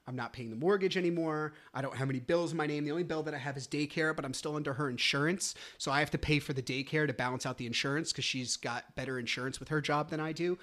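A man's voice: a little high, fast talker, few pauses, a bit bright. Emotional, grateful male podcast host. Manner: emotional, grateful, swears often, drops to a near whisper. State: overwhelmed with relief. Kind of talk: solo podcast monologue.

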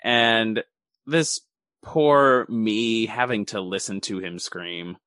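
A man co-hosting a podcast, chatting about a film, animated and swearing freely as he mocks the characters. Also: fairly low pitch, takes it slowly, no echo. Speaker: podcast co-host. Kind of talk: casual chat recapping a film.

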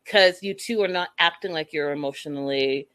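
A woman hosting a casual recap of a reality show, gossipy and animated, laughing at the scenes she retells. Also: low-pitched, normal speed. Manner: animated, gossipy, laughs at her own quotes. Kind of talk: casual chat.

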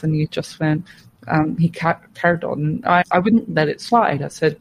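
A woman guest on a podcast, telling a hard personal story in a frank, steady way. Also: deep voice, moderate pace, slight background noise, rough recording. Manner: frank and steady, with plain swearing and restarts.

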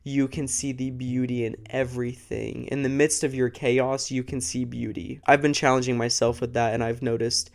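A man's voice: medium pitch, flat delivery, moderate pace, vocal fry, few pauses. A young man hosting a true crime podcast, talking casually and earnestly to camera, emotional and a bit sick, laughing between thoughts, close to the microphone. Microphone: close studio microphone.

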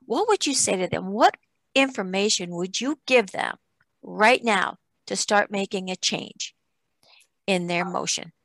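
Older woman, podcast host, gravelly voice, dry close sound, rambling chatty talk. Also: medium pitch, animated, unhurried, fairly bright tone, dry recording. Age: 60s. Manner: chatty, rambling, laughs often. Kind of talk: casual podcast interview.

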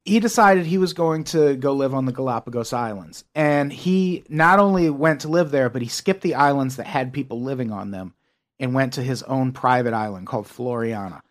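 A man's voice: medium pitch, normal speed. Man telling a story in casual chat. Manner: swears freely, animated storytelling. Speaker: podcast co-host.

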